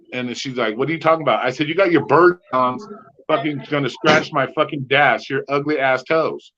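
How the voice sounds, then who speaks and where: A man's voice: medium pitch, brisk, slight background noise. Guy ranting about rideshare passengers, swears a lot, acts out every line, kinda muffled audio. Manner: profane, animated storytelling with quoted dialogue. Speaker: podcast co-host, rideshare driver. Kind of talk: casual chat, storytelling. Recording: slightly dull lo-fi sound.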